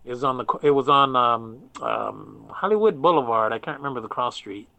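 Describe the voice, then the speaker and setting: A man's voice: medium pitch, sing-song, fairly quick, vocal fry, bright, forceful tone, dry recording. An older man telling stories in a casual interview, rambling with many restarts and often saying "man". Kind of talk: casual storytelling.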